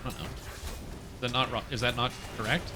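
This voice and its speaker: Rambling, excitable man streaming a game. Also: mid-range voice, quick pace, music in the background. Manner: rambling, excitable, swears, talks with teammates. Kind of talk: casual live-stream gaming chat.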